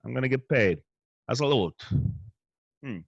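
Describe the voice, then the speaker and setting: A man's voice: medium pitch, lively intonation, moderate pace, vocal fry, husky, no echo, muffled recording. Profane rambling Pennsylvania guy. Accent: Northeastern Pennsylvania. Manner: profane, meandering, restarts. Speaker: show host. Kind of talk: rambling comedic monologue. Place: hotel room.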